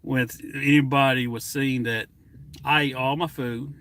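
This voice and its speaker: A man's voice: mid-range voice, steady tone, measured pace, fairly bright tone. A man livestreaming a rambling, defiant rant, mocking his critics over and over, slightly out of breath.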